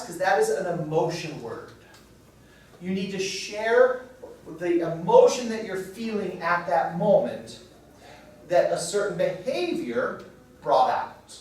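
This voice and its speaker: A man in his forties leading a marriage workshop at a church, talking casually and checking in with his audience. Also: sits high. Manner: conversational, self-deprecating, checks in with "okay?". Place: church hall. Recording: very echoey hall from far off.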